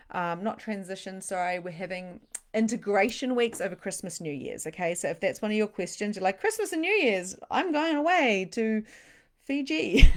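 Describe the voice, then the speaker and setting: A woman with a somewhat low voice hosts a livestream as a spiritual coach. She is chatty and bubbly and reads out viewer comments between pitches. Now and then she drops to a hushed, breathy near-whisper for emphasis. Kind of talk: live-streamed sales pitch and chat.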